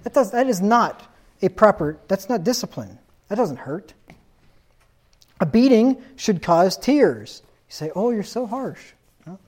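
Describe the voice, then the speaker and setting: A man's voice: high voice, sing-song, measured pace, pauses often, a little mellow. A man preaching a sermon in a stern, insistent tone, reading scripture aloud and asking rhetorical questions.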